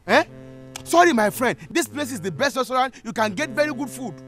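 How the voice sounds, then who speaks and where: A man's voice: fairly high pitch, normal speed, soft background music, lightly acted. A man playing a pushy bar owner. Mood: insistent. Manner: pleading, excitable, Nigerian English with "eh?". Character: pushy restaurant owner chasing customers. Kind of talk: sitcom acting.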